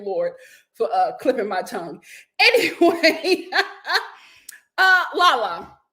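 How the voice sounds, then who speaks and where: A woman hosting a casual vlog, recapping a reality show with animated, opinionated commentary and frequent laughter. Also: fairly high pitch.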